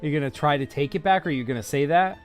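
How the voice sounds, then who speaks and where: A man's voice: a little high, soft background music. A man narrating as game master, talking casually with many fillers and restarts. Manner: halting, full of fillers and laughs.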